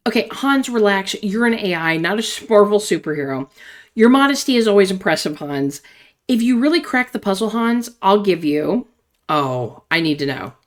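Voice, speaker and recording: A woman's voice: medium pitch, lively intonation, moderate pace. A woman hosting a gaming channel, reading a text game's chats aloud with chatty asides and frequent laughter.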